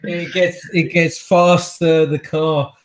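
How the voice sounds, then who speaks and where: A man's voice: on the high side, fairly even intonation, slow. Man narrating as game master. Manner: descriptive, laughs often, hesitant fillers.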